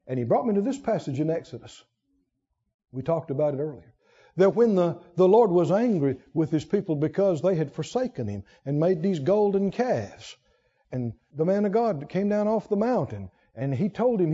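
A man preaching a sermon, swinging between high emphatic bursts and low quiet asides and acting out quoted prayers in a raised voice. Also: husky. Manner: acts out quoted prayers and God's words in raised voice. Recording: dull lo-fi sound with long hall reverb.

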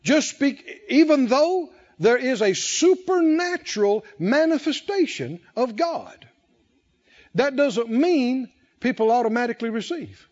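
A man preaching a sermon, drawing the congregation in with questions and emphatic, drawn-out phrases. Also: extremely high pitch, very animated, a little mellow, dull audio. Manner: call-and-response preaching, rising and falling emphasis, drawn-out phrases.

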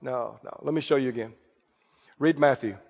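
A preacher doing a gentle patient master teacher. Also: male voice, medium pitch, normal speed, vocal fry, slightly rough, in a large hall, dull audio, voice pushed down. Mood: gently correcting. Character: patient divine male teacher correcting a student.

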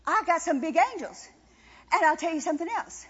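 A woman's voice: very high voice, animated, a little fast, a bit bright. A woman preaching a sermon with impassioned, emphatic repetition. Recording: dull sound with long reverb in a hall.

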